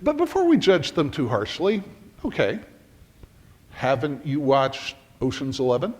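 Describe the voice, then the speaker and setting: A middle-aged man preaching a sermon as a pastor, telling a story in an animated way and acting out the scenes. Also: a little high, measured pace, husky, muffled recording. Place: church sanctuary. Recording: reverberant church hall.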